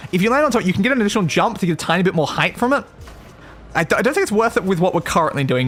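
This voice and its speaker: Young Aussie male streamer, high voice with big swings, chatty self-coaching play-by-play. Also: fairly bright tone. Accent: Australian. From Australia. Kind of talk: casual gameplay commentary.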